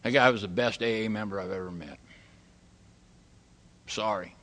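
An older man with a fairly low, slightly bright voice addresses a live recovery meeting at a normal speed. Folksy and plain-spoken, he tells stories and jokes and quotes other people.

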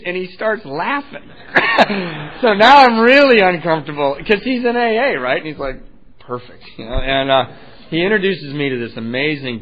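A man telling his own recovery story at a meeting, animated and self-mocking, often laughing at himself. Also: on the high side. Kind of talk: personal storytelling talk. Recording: muffled lo-fi recording.

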